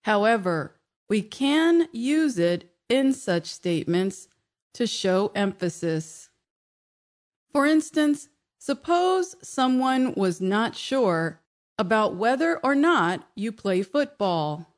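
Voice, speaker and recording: A woman teacher talks slowly and deliberately through a scripted language lesson. She gives each example sentence careful, clear stress, keeping her voice at a moderate middle pitch. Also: very animated. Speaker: English teacher and show host.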